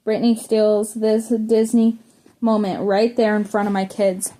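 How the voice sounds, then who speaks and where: A woman's voice: a little high, flat delivery, slow pace, dark tone. A woman reading a memoir aloud, now and then tripping over words and starting them again. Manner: stumbles and restarts words while reading. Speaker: audiobook reader.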